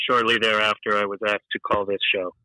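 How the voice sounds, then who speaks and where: A man playing a shy, awkward caller who speaks in a halting, hesitant way in an improvised comedy sketch. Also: fairly low pitch, flat delivery, bright, forceful tone, no room sound, rough recording.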